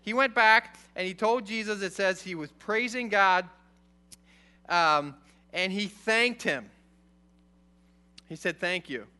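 Animated high-voiced man teaching the Bible. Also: slow, long pauses, smooth. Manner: conversational, animated, checks in with "okay?". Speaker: preacher.

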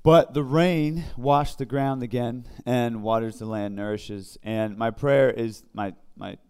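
A man leading an informal Bible study, talking in a conversational, halting way with many fillers and restarts. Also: medium pitch, steady tone, a little mellow, clear, resonant tone. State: briefly emotional. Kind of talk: informal devotional teaching.

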